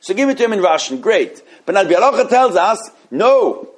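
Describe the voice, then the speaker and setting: Guy giving a torah class, voice a bit high, keeps restarting sentences, gets animated. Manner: animated, halting with many restarts.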